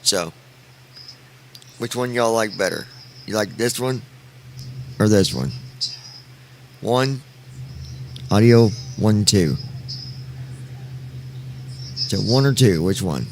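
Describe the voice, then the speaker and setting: A low-voiced man chatting casually on a headset mic, joking with his viewers. He talks in an unhurried, drawn-out way, with faint background noise. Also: lively intonation. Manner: playful, joking, testing his mic aloud. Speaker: streamer host. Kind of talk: casual live-stream chat.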